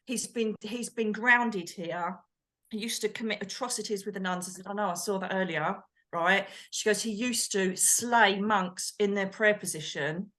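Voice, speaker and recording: A woman co-hosting a chat show, telling a story in an animated way and acting out the quotes. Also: medium pitch, moderate pace. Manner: animated, acts out quotes, exclaims. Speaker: co-host, medium.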